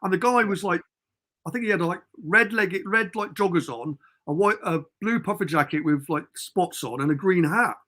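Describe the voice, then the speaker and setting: A Cornish man tells a long, rambling story on a podcast, slipping in little acted-out quotes. His voice sits a bit high and comes across bright and forceful. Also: normal speed. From Cornwall. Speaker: podcast guest. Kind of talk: casual storytelling.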